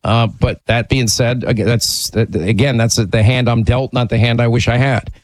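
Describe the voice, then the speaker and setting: A man's voice: medium pitch, fairly even intonation, moderate pace, no echo, rough recording. A man hosting a talk radio call-in show, blunt and emphatic, often restarting his sentences.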